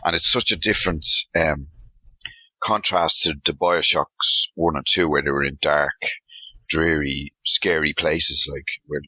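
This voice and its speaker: Male co-host, very low husky voice, dry muffled recording. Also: steady tone, measured pace, pushed and bright, no room sound. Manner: chatty storyteller, laughs often. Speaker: podcast co-host. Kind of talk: casual chat. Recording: slightly muffled lo-fi audio.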